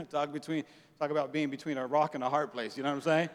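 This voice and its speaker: Brief: man preaching a sermon, slangy storyteller, a bit high-pitched, long hall reverb. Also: fast talker. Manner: animated storytelling, acting out dialogue, casual slang. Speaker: pastor.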